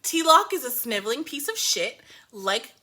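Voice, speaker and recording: A woman reviews a TV show in a casual, rambling rant that is full of cursing. Her high, bright voice swoops up and down in a lively way. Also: a little slow. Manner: animated, profane, rambling rants.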